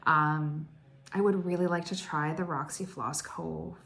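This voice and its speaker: An excitable woman in her forties, chatting to her viewers in a casual craft vlog. She gushes and rambles, stacking "like" into every sentence as she tells her story. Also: sits low, unhurried, gravelly. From Canada. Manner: excitable, gushing, heavy use of "like". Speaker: cross stitch vlogger.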